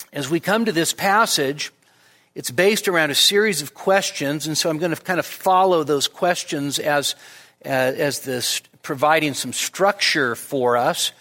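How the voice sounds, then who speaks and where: A man's voice: high voice, fairly bright tone, big-room sound. A male pastor giving an expository midweek sermon, teaching with emphasis and often restarting his words. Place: church hall.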